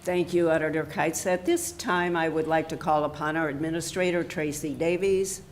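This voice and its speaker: A woman presiding over a county hearing, reading each phrase slowly and deliberately, with a few fillers here and there. Her voice sits a bit low for a woman. There is a faint hiss of noise in a meeting room. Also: steady tone. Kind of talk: formal public hearing.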